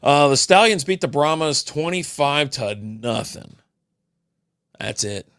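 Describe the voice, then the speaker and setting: A man's voice: fairly high pitch, expressive, slow pace, fairly bright tone, no echo. Profane rambling older man, dry close mic. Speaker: podcast host. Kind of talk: casual solo beer podcast rant.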